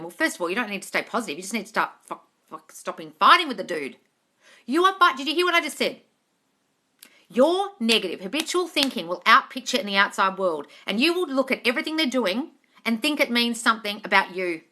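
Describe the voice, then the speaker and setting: A woman hosting a livestream question-and-answer, blunt and emphatic, and she swears freely. Her voice is bright and forceful and sits fairly high. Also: animated, a little fast. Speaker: manifestation coach hosting a live Q&A.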